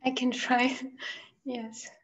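Slow, hesitant woman student. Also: sits high, little pitch movement, a bit bright, dull audio.

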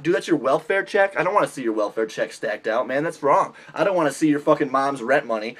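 A young man with a fairly high voice rants into his camera. His delivery is blunt and full of profanity. He keeps slipping into mocking impressions of other people. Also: lively intonation, a little fast. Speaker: vlogger giving dating advice. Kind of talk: ranting comedic vlog.

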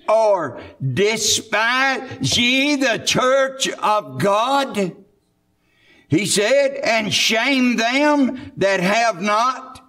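A man's voice: very high voice, pushed and bright. A man with a Southern US accent preaching a sermon in a church, fervent and full of "uh" fillers. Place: church sanctuary.

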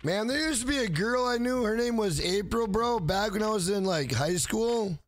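A man's voice: high voice, animated, normal speed, soft background music. A man around forty, streaming a game live, hyping up and thanking his chat in a casual, profane way. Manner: hyped, profane, reads out viewer names.

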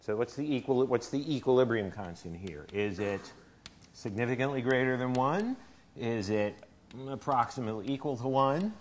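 A man's voice: medium pitch, animated, moderate pace. A man who is a university chemistry professor, giving a lecture and asking his class questions in a conversational way. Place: lecture hall.

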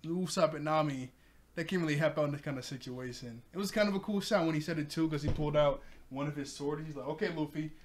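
A man's voice: a little high, quick pace, a little hiss or hum. Chatty man recapping an episode. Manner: chatty, laughing often, rambling with restarts. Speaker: anime review channel host.

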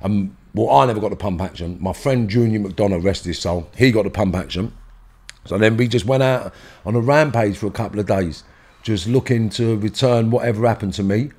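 A man's voice: fairly low pitch, fairly quick, a little mellow, breathy edge. A man with a London accent telling a story in a podcast interview, blunt and swearing freely, acting out heated exchanges. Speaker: interview guest.

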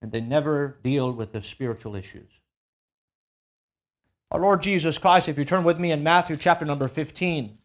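Male pastor, church sermon, loud emphatic climaxes and hushed drops, reads King James scripture. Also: moderate pace, long pauses. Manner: preaching with big swings from loud emphatic peaks to low quiet drops; reads scripture aloud in King James wording, drawing out key words. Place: church sanctuary.

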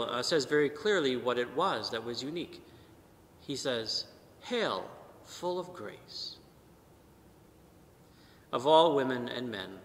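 Bright-voiced priest preaching in a church. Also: male voice, mid-range voice, a little hiss or hum. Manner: measured preaching with emphatic rises and soft trailing endings. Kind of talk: sermon at Mass. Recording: long church reverb.

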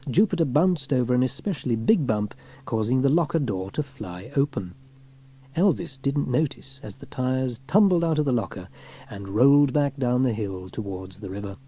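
A man reading a children's storybook aloud in an expressive way. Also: medium pitch, breathy edge.

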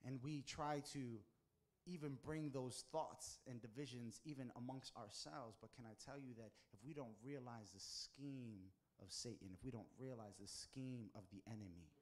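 At a moderate pace, a pastor from the United States preaches in a narrative style. He drives his voice higher and louder to underline his points.

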